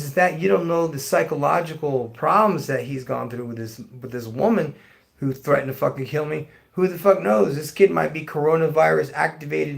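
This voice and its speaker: A man's voice: fairly high pitch, creaky. A middle-aged man hosting a live stream, ranting bluntly to his chat and swearing constantly. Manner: blunt, heavily profane, ranting. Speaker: livestream host. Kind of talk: profane rant to live chat.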